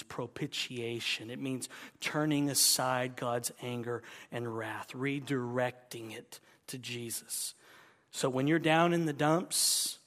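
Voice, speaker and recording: A man pastor preaching a sermon, dropping to hushed whispers and then rising to loud, emphatic declarations. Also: on the high side. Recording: long reverb of a large hall.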